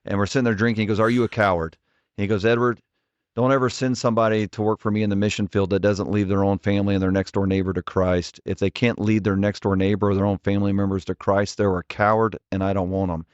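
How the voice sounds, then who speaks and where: Man, 40s, ministry leader guest, earnest and direct, low voice, dry dull podcast sound. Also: little pitch movement, fast talker, no room sound. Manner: earnest, direct, frequent restarts. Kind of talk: conversational interview storytelling.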